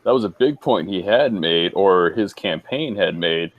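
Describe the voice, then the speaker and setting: A man with a deep, low voice, joining in on a relaxed group conversation. He speaks in a measured way and fills his pauses with hesitations. His pace stays unhurried. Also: dry recording, lo-fi sound. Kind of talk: casual group chat.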